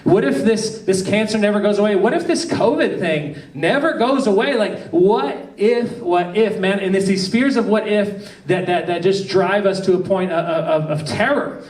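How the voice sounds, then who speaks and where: A man's voice: high-pitched, moderate pace, darkish tone. A man preaching a conversational sermon as a pastor, telling stories in a chatty way with many restarts. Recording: echoey room, distant mic.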